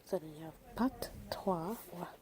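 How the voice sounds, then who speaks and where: A young woman giving a homemade spoken lesson, slowly repeating words and often dropping into a whisper. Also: on the low side, noisy background. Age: teenager. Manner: slow, drawn-out demonstration with frequent whispered repeats. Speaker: student teaching a language.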